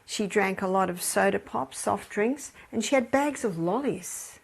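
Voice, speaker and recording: Gravelly Australian woman telling stories. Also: mid-range voice, measured pace. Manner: chatty, laughs between anecdotes. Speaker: health educator. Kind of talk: storytelling lecture.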